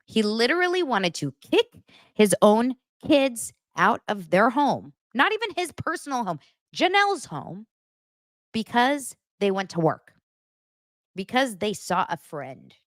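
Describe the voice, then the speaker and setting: A woman's voice: mid-range voice, very animated, unhurried, no echo, clean studio sound. A woman hosting a pop-culture commentary show, ranting in a blunt, sarcastic, exasperated way. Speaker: host.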